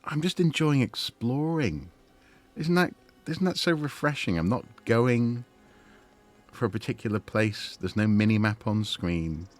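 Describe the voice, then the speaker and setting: A man's voice: mid-range voice, expressive, unhurried, faint music behind. A man streaming a game, chatting and musing with lots of fillers and restarts. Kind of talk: gaming livestream commentary.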